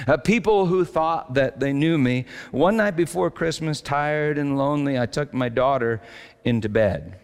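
A male pastor preaching a reflective sermon, slowing down to stress his key lines. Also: fairly low pitch, darkish tone. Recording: long hall reverb.

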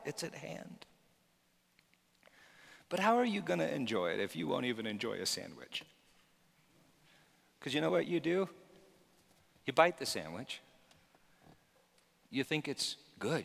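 A man preaching a sermon, swinging from loud emphatic shouts to quiet, hushed lines. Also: mid-range voice, gravelly, long reverb tail. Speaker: pastor.

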